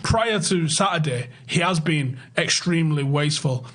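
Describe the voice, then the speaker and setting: Husky host, blunt and sweary. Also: male voice, a little high, expressive, normal speed, a bit bright. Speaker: podcast host. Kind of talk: casual podcast chat.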